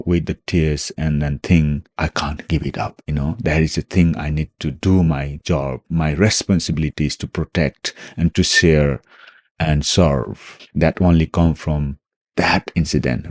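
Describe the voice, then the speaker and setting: A middle-aged man from Nepal with a Nepali accent, a guest in an interview, speaking earnest, halting English full of "you know" fillers. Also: very deep voice, fairly even intonation, no echo, studio quality. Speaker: guest, former special forces soldier. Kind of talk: reflective interview answers.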